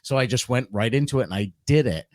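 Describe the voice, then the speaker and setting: A middle-aged male comedian co-hosts a casual podcast. He rambles through a story with plenty of restarts. His voice sits at an ordinary pitch in a dry, dead-sounding room. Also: fast talker, darkish tone, no echo. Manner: rambling, self-interrupting storyteller with repeated restarts.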